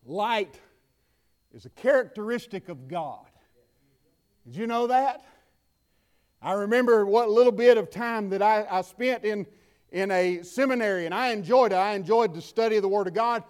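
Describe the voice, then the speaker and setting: A male preacher with a strikingly high voice. He delivers his sermon in a fervent, repeating cadence that builds on each phrase. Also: moderate pace, pauses often, a little mellow. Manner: impassioned, repetitive preaching cadence.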